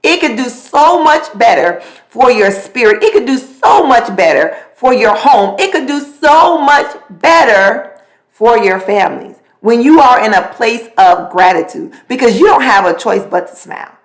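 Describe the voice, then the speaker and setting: A middle-aged woman talks alone into her podcast mic in a casual, animated monologue. Her voice sits a touch high, and she shifts pitch and speed often as she tells her story. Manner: animated storytelling, quick swings in pitch and pace. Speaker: podcast host.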